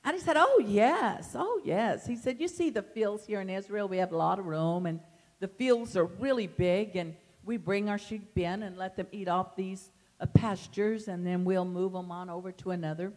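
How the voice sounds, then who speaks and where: A woman leading a Bible study, reading scripture aloud in a tender, animated way. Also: mid-range voice, normal speed. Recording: long hall reverb.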